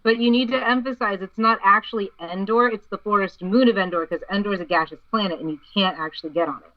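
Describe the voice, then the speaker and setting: A woman's voice: medium pitch, fast talker, highs cut off. A woman co-hosting a casual group podcast, joking and chatting with friends. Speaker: podcast co-host.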